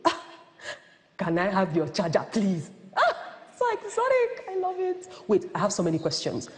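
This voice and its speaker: A woman playing a naive, condescending young woman in a satirical video skit, gushing with big pitch swings. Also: wildly swooping pitch, moderate pace, long reverb tail. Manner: gushing, exaggerated swoops of pitch.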